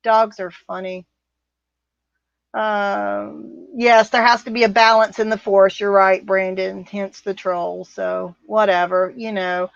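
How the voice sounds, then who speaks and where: A woman's voice: medium pitch, fairly even intonation, takes it slowly, creaky, no echo, lo-fi sound. A woman co-hosting a casual livestream, chatting and reading viewer comments in a rambling, easily amused way. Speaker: livestream co-host. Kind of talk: casual live-stream chat reading comments.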